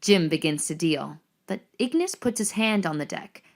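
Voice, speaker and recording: Woman, screenplay narrator, measured, descriptive, somewhat low voice. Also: lively intonation. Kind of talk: reading screenplay action lines.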